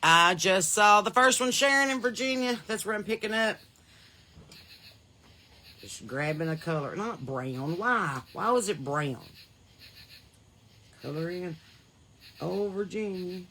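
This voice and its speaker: A Southern woman hosts her podcast live from a porch, talking into a phone on a holder. Her voice is bright and forward, her talk folksy and chatty with quick laughs and sudden jumps in loudness. A faint outdoor hiss sits under the voice. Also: lowish voice, lively intonation. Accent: Southern American. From American South. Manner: folksy, chatty, laughs often, swings loud and soft. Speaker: podcast host. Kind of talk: casual livestream chat.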